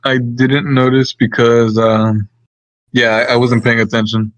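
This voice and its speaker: A young man co-hosting a casual podcast, talking haltingly and laughing often. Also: medium pitch, flat delivery, dry recording. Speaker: podcast co-host. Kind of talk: casual chat. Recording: dull lo-fi dry mic.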